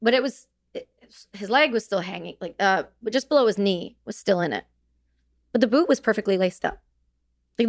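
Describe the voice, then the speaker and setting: A woman veteran telling a personal story as a podcast guest, halting and restarting, with fillers. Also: medium pitch.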